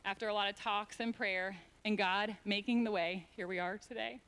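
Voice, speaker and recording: A woman's voice: medium pitch, steady tone, normal speed, fairly bright tone. A woman giving a heartfelt, emotional speech at a church event to introduce the founder of a ministry. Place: church sanctuary.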